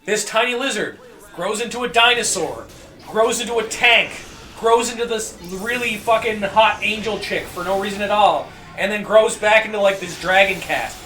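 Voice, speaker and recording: A man streaming a video game, rambling and joking with profanity, often coughing and clearing his throat. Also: high-pitched, moderate pace, bright, forceful tone, echoey room, soft background music. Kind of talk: casual gameplay commentary.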